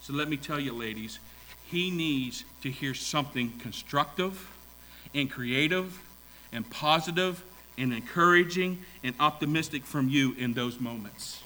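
A man's voice: fairly high pitch, a little slow, pushed and bright, a little hiss or hum, poor audio. A middle-aged married man preaching a sermon, using repetition and rising emphasis and putting questions to his congregation. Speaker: pastor.

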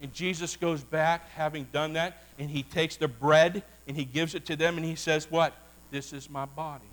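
A man preaching a sermon as a Baptist pastor, animated and folksy, calling out to his congregation. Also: on the high side, normal speed.

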